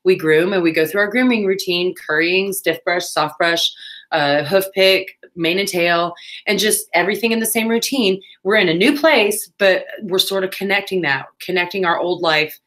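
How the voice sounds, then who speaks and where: A woman's voice: lowish voice, moderate pace, a bit bright. A woman, chatting casually on a crafting livestream, with playful asides.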